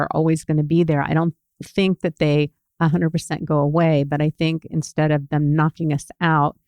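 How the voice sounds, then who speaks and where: A woman with a notably low voice co-hosts a casual podcast. She speaks in an earnest, reflective way, and the sound is dry and close. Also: darkish tone, dry recording. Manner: earnest, reflective, speaks openly about feelings. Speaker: podcast co-host.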